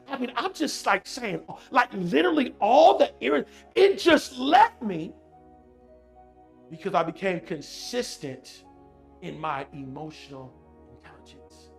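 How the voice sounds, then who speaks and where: A man with a high, gravelly voice gives a motivational talk, building points through repetition and speaking directly to the listeners. His delivery is animated, and faint music plays behind him. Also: unhurried. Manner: animated, repetitive, talks straight to the audience. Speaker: motivational speaker on emotional intelligence. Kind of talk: motivational talk with personal story.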